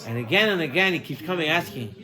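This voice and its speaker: A man giving a sermon as a rabbi. He is an animated storyteller who acts out the people in his stories and drops his voice quiet to stress a lesson. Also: fairly high pitch, fast talker, music in the background.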